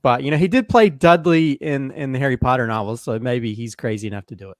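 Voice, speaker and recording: A man's voice: medium pitch, quick pace, no room sound, clean studio sound. A man who is a filmmaker guest on a casual review chat, joking and rambling with restarts.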